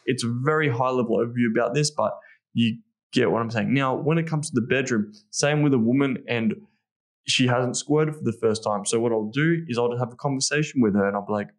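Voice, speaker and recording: A man's voice: medium pitch, fairly quick. A man as a podcast guest and intimacy coach, talking in a casual, frank way with lots of swearing and fillers. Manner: frank, profane, animated, with frequent fillers.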